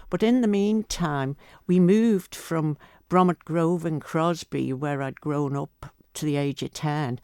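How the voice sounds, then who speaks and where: A woman's voice: deep voice, darkish tone, no room sound, clean studio sound. An older woman with a Manx accent, a guest telling self-mocking anecdotes in a casual interview. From Isle of Man. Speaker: guest entertainer.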